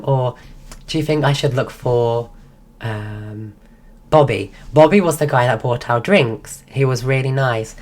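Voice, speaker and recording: Very low-voiced woman, sick. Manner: rambling, full of "like" and restarts. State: sick, voice going. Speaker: streamer. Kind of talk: casual storytelling.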